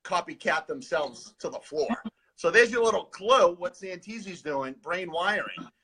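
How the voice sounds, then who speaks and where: A man co-hosts a live spiritual stream in a sarcastic, rambling chat. His voice sits high and jumps around a lot. It is bright, with a husky edge. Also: expressive, a little slow. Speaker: co-host of a live spiritual advice show.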